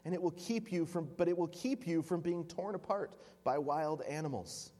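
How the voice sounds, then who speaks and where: A man's voice: a little high, normal speed, mellow, voice pushed up, lightly acted. A preacher voicing a Roman male police captain who pleads and wheedles with a prisoner. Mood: coaxing. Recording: long hall reverb.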